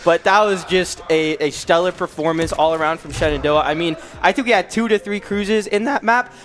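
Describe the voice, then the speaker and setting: Excitable high-voiced male esports caster. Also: fairly quick. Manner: excitable, yells at big plays. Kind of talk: live esports commentary.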